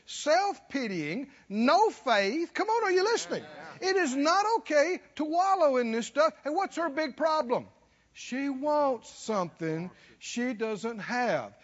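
A man's voice: very high-pitched, big-room sound. A man preaching a sermon, folksy and chuckling, calling out to his listeners to respond. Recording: dull lo-fi recording.

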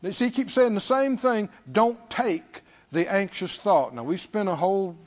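A man's voice: high voice, moderate pace, darkish tone, dull audio. A man preaching a sermon, repeating phrases and putting questions to his listeners.

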